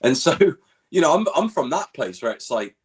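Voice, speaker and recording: Man, husky voice, swooping pitch, animated, swears, casual stream chat. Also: normal speed. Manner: animated, swears a lot, mimics other people.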